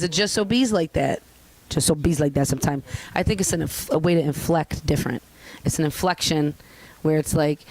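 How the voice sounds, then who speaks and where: A woman's voice: deep voice, fast, few pauses, no echo, low-quality recording. Candid, profane young woman. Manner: candid, profane, animated storytelling. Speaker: guest artist. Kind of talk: casual interview chat.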